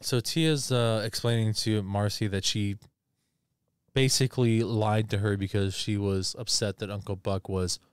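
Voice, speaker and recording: A man recaps a film in a loose, cursing ramble and acts out bits of scenes as he goes. His voice is smooth and clear, and the sound is dry and close. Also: on the low side, steady tone, measured pace, dry recording. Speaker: podcast co-host. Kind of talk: casual movie recap.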